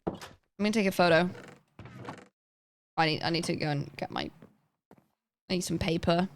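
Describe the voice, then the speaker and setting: A woman's voice: fairly low pitch, normal speed, slight background noise. A young woman livestreaming a game, chatting casually and rambling as she plays and talks to her chat.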